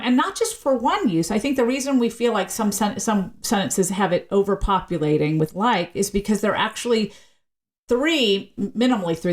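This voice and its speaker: A woman talks casually as a linguist guest on a podcast, with a mid-range voice. She explains in an animated way, jumping up in pitch for emphasis and speeding up or slowing down as she goes. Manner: lively, explanatory, shifting pitch often for emphasis. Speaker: university teacher.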